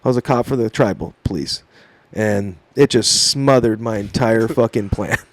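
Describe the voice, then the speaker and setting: A man's voice: fairly low pitch, moderate pace, no echo. A man in his thirties, a podcast guest telling a story casually, swearing often and acting out the quotes. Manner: profane, animated storytelling with voiced quotes.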